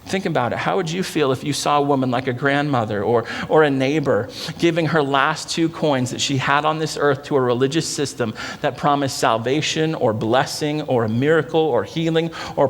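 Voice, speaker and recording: Earnest pastor preaching in a reverberant hall. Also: male voice, a little fast, hardly any pauses. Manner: earnest, conversational preaching that drops low and soft for emphasis. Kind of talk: sermon. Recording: long church-hall reverb.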